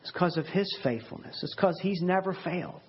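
A man preaching a sermon, earnest and emphatic, often repeating words and slowing down to stress them. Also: sits high, slight background noise. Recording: dull lo-fi sermon audio.

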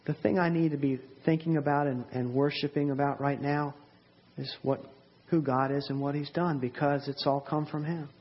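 A man preaching a sermon, earnest and emphatic, often repeating words and slowing down to stress them. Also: a little high, steady tone, a little hiss or hum. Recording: dull lo-fi sermon audio.

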